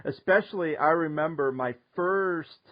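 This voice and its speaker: A man hosting a casual talk show, telling a story in an animated way and laughing often. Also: fairly high pitch, measured pace. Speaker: podcast host. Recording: muffled lo-fi audio.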